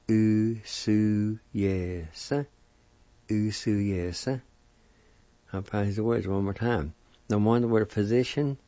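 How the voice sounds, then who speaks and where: A man giving a language lesson, spelling out words and slowly sounding out their syllables, repeating each one. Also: on the low side, mellow, no echo, highs cut off. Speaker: language teacher. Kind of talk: slow word-by-word pronunciation lesson.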